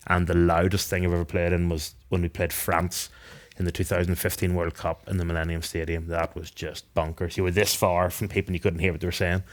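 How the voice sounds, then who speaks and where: A man's voice: low-pitched, flat delivery, a little fast. A man in his thirties from Northern Ireland with a Northern Irish accent, answering interview questions thoughtfully with frequent restarts. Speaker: guest, retired rugby captain.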